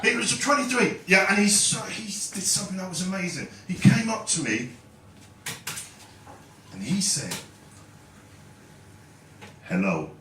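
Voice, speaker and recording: A London man with a high-pitched, expressive voice does a stand-up comedy set on a club stage, chatting and bantering with the crowd a little fast with few pauses. The distant mic picks up roomy live club sound, with the audience laughing and clapping.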